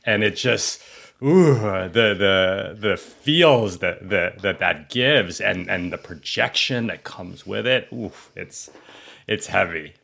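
Brief: male podcast host, thirties, lower register, animated storyteller who restarts his sentences. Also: takes it slowly, vocal fry. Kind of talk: casual podcast conversation.

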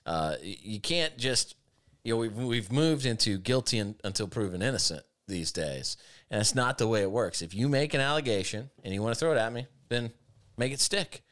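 A man hosting a talk show, giving emphatic, argumentative commentary that swings between rushed and drawn-out phrasing. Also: medium pitch, animated, fairly bright tone. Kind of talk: opinionated commentary chat.

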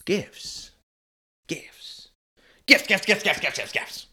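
A man's voice: sits high, lively intonation, takes it slowly, bright, forceful tone, voice pushed up, heavily acted. A man voicing a sarcastic, manic male holiday-hating creature in a theatrical, mocking way.

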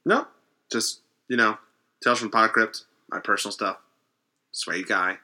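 A man co-hosting a podcast in casual chat, jokey and animated. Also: lowish voice, a little slow. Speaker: podcast co-host.

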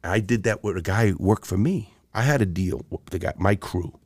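A man's voice: deep voice, normal speed. A middle-aged man with a Brooklyn accent, a podcast guest telling stories full of swearing and acted-out dialogue. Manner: swears constantly, animated storyteller acting out dialogue. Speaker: podcast guest, former jewel thief. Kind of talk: profane storytelling.

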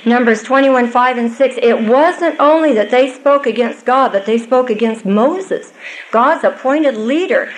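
A woman's voice: a little high, measured pace, low-quality recording. An older woman giving a Bible teaching to a live audience, earnest and conversational with small asides.

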